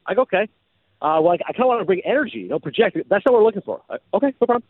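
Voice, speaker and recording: Animated man with a tinny, phone-like sound. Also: high-pitched, very fast, no echo. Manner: animated storyteller, slips into announcer voice. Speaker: podcast host and former sportscaster. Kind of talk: casual chat.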